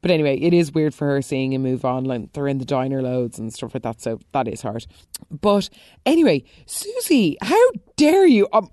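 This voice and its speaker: A woman talks through a soap recap in a casual, opinionated way. Her voice sits low, with sudden high exclamations. The recording is dry and close. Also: darkish tone, no room sound. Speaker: soap opera recap host.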